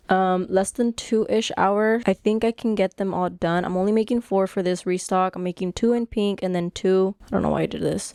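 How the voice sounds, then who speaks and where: A young woman vlogging casually from her bedroom about her crochet work, chatty and excitable, thinking aloud as she goes. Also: medium pitch, clean tone, no echo, clean studio sound. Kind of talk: casual vlog chat. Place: bedroom at home.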